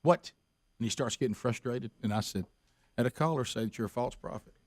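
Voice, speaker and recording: A man's voice: medium pitch, quick pace, no echo, studio quality. A man hosting a radio show, telling stories in a casual way and acting out the people in them. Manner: animated, acts out the people in his stories. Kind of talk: casual talk-radio storytelling.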